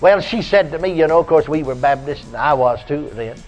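An older man preaching a folksy radio sermon, telling stories and breaking into high, shouted praise. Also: animated, fairly quick, faint music behind. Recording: dull lo-fi archive radio recording.

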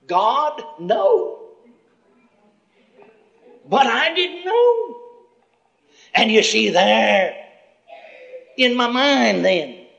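A man's voice: high-pitched, gravelly, fairly bright tone. An older man telling a testimony in a sermon, in a folksy storytelling way full of chuckling asides, on a muffled lo-fi recording. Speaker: preacher. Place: church gathering before a congregation.

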